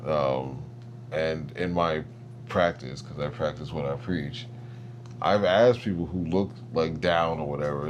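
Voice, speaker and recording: Deep-voiced man musing on a podcast. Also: fairly even intonation, measured pace, slight background noise. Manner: thoughtful, hedging talk with many fillers. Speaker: podcast co-host. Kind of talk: casual podcast chat.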